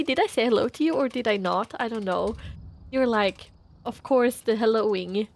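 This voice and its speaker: A woman livestreamer chatting casually with her viewers, playful and quick to laugh as she greets them by name. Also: mid-range voice, gravelly. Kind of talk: casual chat with stream viewers.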